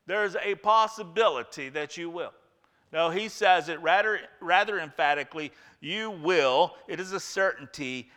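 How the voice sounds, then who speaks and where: A man preaching a sermon, emphatic and repeating key phrases, dropping to a hush and rising again. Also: fairly high pitch, big-room sound. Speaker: pastor.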